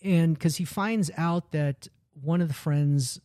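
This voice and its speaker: Man, slightly higher voice, mellow tone, lively storyteller doing character lines, dry close sound. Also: slow, no echo. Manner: animated storytelling, acts out quoted lines. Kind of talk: casual chat retelling a film.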